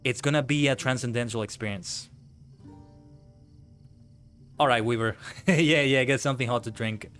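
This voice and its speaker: A man's voice: mid-range voice, fairly quick, faint music behind. Ranting, profane male streamer. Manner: ranting, swears freely, animated outbursts. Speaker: VTuber streamer. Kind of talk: casual live-stream chat while gaming.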